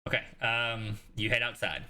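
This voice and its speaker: A man narrates as game master of a tabletop game, his voice bright and forceful. He rambles through the scene with many fillers and restarts and swears casually. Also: fairly low pitch, fairly even intonation, normal speed.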